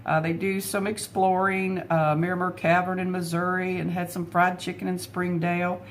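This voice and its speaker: A middle-aged woman sits at her desk at home recording a casual personal vlog. Her fairly low, level voice is unhurried and heartfelt, with frequent pauses on fillers, and there is slight background noise.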